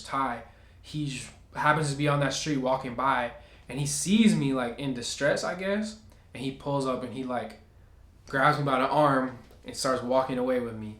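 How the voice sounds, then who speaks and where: Man, storytime vlogger, animated, acts out voices, echoey room. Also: mid-range voice. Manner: animated, acts out other people's lines. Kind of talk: casual storytime vlog.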